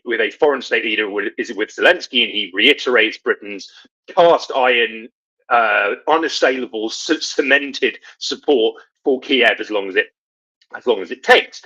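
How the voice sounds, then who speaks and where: Bright-voiced sardonic man hosting political commentary. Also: medium pitch, muffled recording. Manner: sardonic, rambling with many fillers and restarts.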